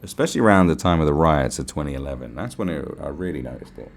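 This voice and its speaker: Gravelly, animated British man ranting. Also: a bass voice, fast talker. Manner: profane, ranting, sarcastic. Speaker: podcast host. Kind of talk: casual podcast rant.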